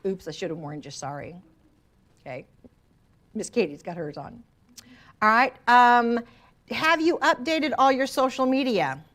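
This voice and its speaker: A woman real estate trainer leads a workshop for a live class in a training room, teasing her students with playful asides. Her voice is on the high side and fairly bright, expressive and a little slow, with long pauses.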